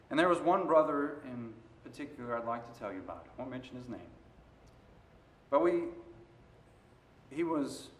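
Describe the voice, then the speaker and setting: A man preaching a sermon, moving between quiet stretches and loud, emphatic passages. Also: medium pitch, slight background noise. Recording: roomy echo.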